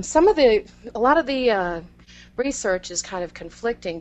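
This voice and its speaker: A woman's voice: on the low side, a little mellow, low-quality recording. A woman host explaining research findings in a casual, hesitant way with many fillers.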